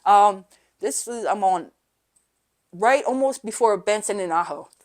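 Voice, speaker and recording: A woman sits as a podcast guest and tells her own story in a loose, candid ramble, tossing in "right?" after nearly every thought. Her voice sits in a middle range and drops to a hushed tone when she relives the worst moments. She swears now and then without any fuss. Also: medium pitch, lively intonation, measured pace. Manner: rambling and candid, with frequent "right?" and "you know"; swears casually. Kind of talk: telling her life story in a casual interview.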